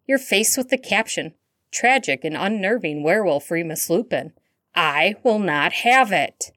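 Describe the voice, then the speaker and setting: A woman reading a story aloud and voicing a hot-tempered grown man who shouts in outrage to protect his godson. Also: on the low side, lively intonation, unhurried, dry recording, clean studio sound. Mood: outraged. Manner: shouting in outrage, loud and heated.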